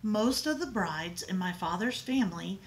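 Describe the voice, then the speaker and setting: A woman reading a picture book aloud in an expressive, dramatic way. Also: medium pitch, normal speed, low-quality recording.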